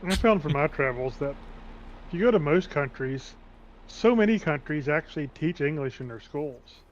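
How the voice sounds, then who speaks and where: A man casually chatting with friends during a game, relaxed and telling little stories. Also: fairly high pitch, moderate pace. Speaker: co-player. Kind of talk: casual gaming chat. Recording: dull lo-fi mic.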